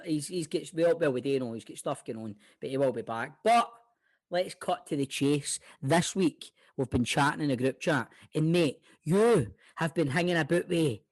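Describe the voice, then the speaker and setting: A Scottish man hosting a football podcast, bantering casually and swearing freely. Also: fairly high pitch. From Scotland. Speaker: podcast host.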